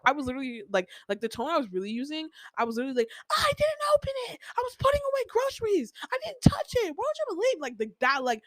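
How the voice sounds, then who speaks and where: A woman's voice: fairly high pitch, dry recording. Emotional young woman telling a story. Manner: emotional, heavy use of "like", swearing. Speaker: podcast host. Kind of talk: personal storytelling podcast.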